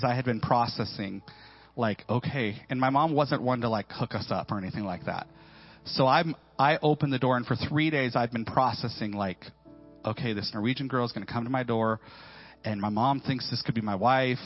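A man in his forties preaching a sermon in a church, telling stories with playful, slangy asides and swinging from hushed to loud. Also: medium pitch, moderate pace, faint music behind. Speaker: pastor. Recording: dull lo-fi sound.

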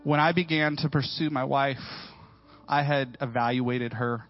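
Animated pastor man preaching. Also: medium pitch, measured pace, faint music behind. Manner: animated storytelling, swinging from hushed to loud; playful, slangy asides. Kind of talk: sermon. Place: church. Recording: dull lo-fi sound.

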